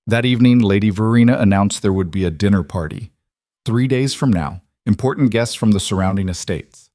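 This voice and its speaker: A man giving scripted, measured, dramatic narration of a story. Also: fairly low pitch, mellow, no echo, clean studio sound.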